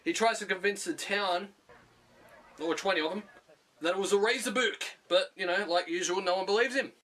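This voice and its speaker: High, bright-voiced Australian man. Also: moderate pace. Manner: profane, jokey and sarcastic. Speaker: movie reviewer. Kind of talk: comedic film review monologue.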